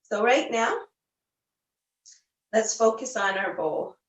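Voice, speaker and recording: A woman teaching a yoga class, giving gentle, unhurried cues with the odd filler. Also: a little high, expressive, recorded from a distance. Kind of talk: guided yoga class instruction. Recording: roomy, voice a bit off the mic.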